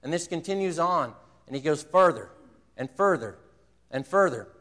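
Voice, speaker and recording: A man's voice: a little high, lively intonation, normal speed, a bit bright, in a large hall. A man preaching a sermon, earnestly retelling a movie scene and quoting its dialogue. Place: church sanctuary.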